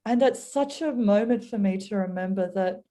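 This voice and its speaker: Woman guest, warm mellow tone, earnest storyteller sharing a reflection on faith. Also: medium pitch, moderate pace. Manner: earnest, storytelling, acts out voices. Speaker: guest speaker.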